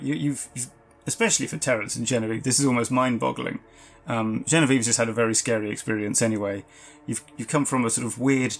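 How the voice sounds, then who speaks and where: A man's voice: medium pitch, gravelly. A man narrating as game master of a tabletop game, describing scenes loosely with fillers.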